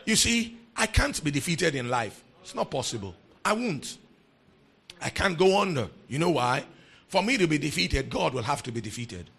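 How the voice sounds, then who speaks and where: A man preaching a sermon, emphatic and repeating key phrases, swinging between quiet talk and shouting. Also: fairly high pitch, sing-song, moderate pace, creaky, husky. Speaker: pastor.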